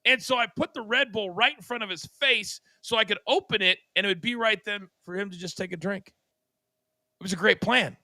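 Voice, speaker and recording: A man's voice: sits high, normal speed, bright, forceful tone, dry recording. An older man, a co-host of a talk show, telling a long story with dramatic flair and acted-out sound effects. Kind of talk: animated storytelling.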